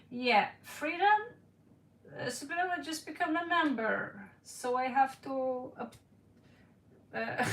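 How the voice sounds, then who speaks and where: A woman's voice: a little high, a bit bright, reverberant, distant mic. A woman reading tarot on a live stream, playful, giggly and rambling, recorded in her own room. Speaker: tarot reader.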